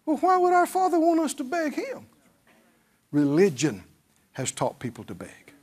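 A man's voice: very high voice, huge pitch swings, normal speed, a little mellow. A male pastor preaching a sermon, drawing on the congregation and mimicking pleading prayers.

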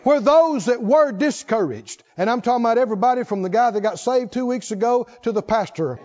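A man with a strikingly high voice preaches to his congregation in a dull, lo-fi church recording. He tells his story in a folksy, rambling way and keeps building up to shouts of excitement. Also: fast. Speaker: pastor. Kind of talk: sermon. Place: church sanctuary.

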